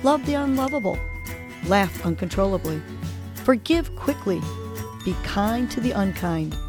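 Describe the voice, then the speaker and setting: A woman hosting a morning wellness podcast, guiding a breathing exercise and giving motivational words in a slow, soothing way. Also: medium pitch, expressive, music in the background. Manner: slow, soothing counting, rising to upbeat urging. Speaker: podcast host. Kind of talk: guided breathing and motivational talk.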